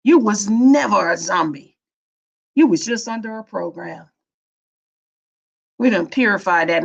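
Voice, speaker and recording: Slow-talking woman spiritual teacher, lo-fi. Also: medium pitch, creaky, a bit bright. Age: 50s. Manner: preachy, playful, colloquial, laughs often. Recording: dull lo-fi recording.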